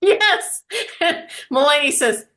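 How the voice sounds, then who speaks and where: A woman's voice: sits high, expressive, slow pace, fairly bright tone. A woman teacher chatting casually, telling stories and laughing often. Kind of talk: casual conversation.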